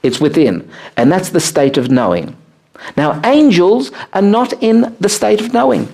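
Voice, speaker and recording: A rabbi teaching a small live group, explaining ideas with animated, swooping emphasis and many "uh" fillers. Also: male voice, unhurried, vocal fry. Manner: animated, swooping pitch on key words, frequent "uh" fillers. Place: room with a small seated group.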